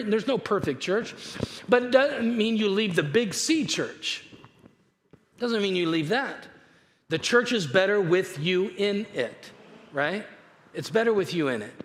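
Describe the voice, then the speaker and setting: A man's voice sits high and a touch bright as this Californian pastor chats his way through a sermon, telling stories and frequently repeating himself. The church auditorium lends a reverberant sound with faint noise.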